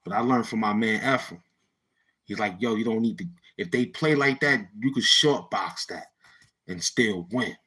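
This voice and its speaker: A man with a New York City accent tells a neighborhood story in easygoing street slang and acts out the voices of his old friends. His voice sits low and carries a husky, breathy edge. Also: moderate pace, bright, forceful tone. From Brownsville, Brooklyn, New York. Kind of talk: casual storytelling.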